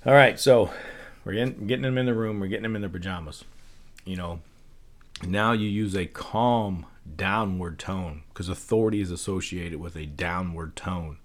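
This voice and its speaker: Deep-voiced man musing in a loose talk. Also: moderate pace. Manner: loose and conversational, many fillers, rhetorical "right?". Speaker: podcast host. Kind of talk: casual solo talk on persuasion and parenting.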